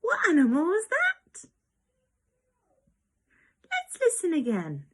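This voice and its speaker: Speaking very slowly, a woman teaches young children in an exaggerated, sing-song, encouraging manner. Her voice is very high and swings widely in pitch, and now and then she drops into a whisper.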